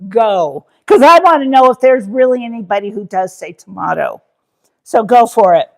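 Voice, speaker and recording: A woman hosting a casual cooking livestream, chatty and rambling, quick to laugh. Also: fairly high pitch, animated, vocal fry.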